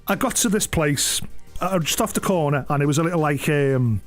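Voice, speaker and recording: Chatty man, slightly high voice. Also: lively intonation, brisk, faint music behind. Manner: rambling anecdotes, swears freely, laughs often. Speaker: game streamer. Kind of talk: casual chat on a live stream.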